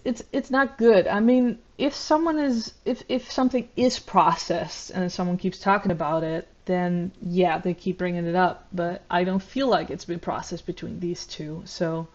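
A woman commentating on a video, talking in a measured, reflective way with frequent ums and uhs. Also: lowish voice, muffled recording. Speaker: YouTube commentator. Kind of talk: analytical commentary.

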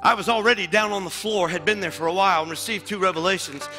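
A male pastor preaching a sermon in a church, dropping to hushed asides and rising to loud declarations. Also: high-pitched, fast, long reverb tail, music in the background. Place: church sanctuary.

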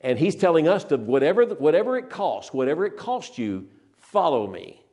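An older man preaching a sermon, earnest and emphatic, who slows down to stress scripture and often repeats and restarts his phrases. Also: on the high side, big pitch swings, a little mellow.

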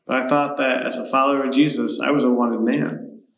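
A man's voice: medium pitch, steady tone, fairly quick, gravelly, echoey room, lightly acted, rough recording. A man playing the grieving, bitter disciple Thomas in a dramatic first-person monologue during a worship service. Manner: bitter and sarcastic. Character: grief-stricken, bitter, doubting male disciple Thomas. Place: church sanctuary.

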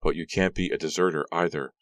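A man with a deep voice, reading an audiobook, voicing a sarcastic, sharp-tongued teenage girl. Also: fairly even intonation, quick pace, no echo.

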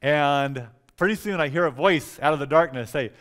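Animated man preaching a revival sermon. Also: fairly high pitch, moderate pace, few pauses. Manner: animated, repeats words for emphasis, acts out quotes softly. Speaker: pastor. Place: church sanctuary.

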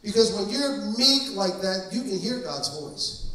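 A man's voice: high voice, animated, measured pace, pushed and bright. A male pastor preaching a deliverance-service sermon in an emphatic storytelling manner with frequent fillers. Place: church hall. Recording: echoey church hall, mic distant.

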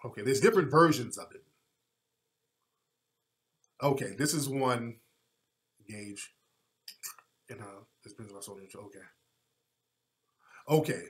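A man's voice: medium pitch, unhurried, long pauses, a bit bright. A man giving a heated commentary rant, emphatic and repetitive, with frequent swearing. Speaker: online commentator.

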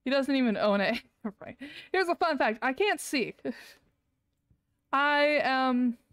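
Laughing, swearing woman streamer, high voice. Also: expressive, slow, a bit bright, clear, resonant tone, dry recording. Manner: profane, exasperated ranting with frequent laughter. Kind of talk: live gameplay commentary.

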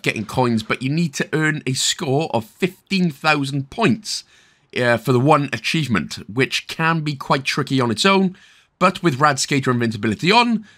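A man's voice: mid-range voice, fairly bright tone. A Welsh man hosting a game achievement walkthrough, talking through it with jokey, playful asides. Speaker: gaming video host.

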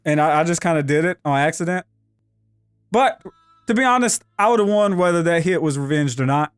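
Hyped gamer dude, high voice, swears a lot, really animated. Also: male voice, a little fast, clear, resonant tone, dry recording, studio quality, faint music behind. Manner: excitable, profane, reacting. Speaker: gaming host. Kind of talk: casual gameplay banter.

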